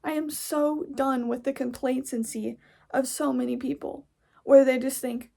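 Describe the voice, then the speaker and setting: A young woman from the United States venting into her podcast in a blunt, profane monologue. Her voice sits high but has a gravelly fry running through it. She sounds fed up. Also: fairly even intonation, measured pace, dark tone. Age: young adult. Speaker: podcast host. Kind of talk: casual ranting monologue.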